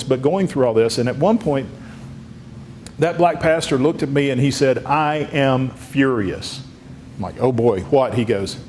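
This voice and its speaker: A man's voice: mid-range voice, a little mellow. A man giving a political talk at a luncheon, telling stories in a folksy way with many restarts and rising for emphatic points. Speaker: congressman speaking at a luncheon. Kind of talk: political speech.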